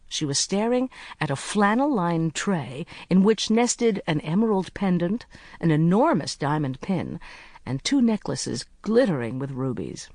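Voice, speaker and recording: Measured audiobook narrator, dry close sound. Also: mid-range voice, creaky, no echo. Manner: even, measured storytelling.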